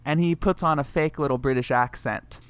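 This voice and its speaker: A man co-hosting a casual film-recap podcast, telling the story in an animated way and acting out characters' lines. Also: a little high, moderate pace, clear, resonant tone, no echo. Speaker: podcast co-host.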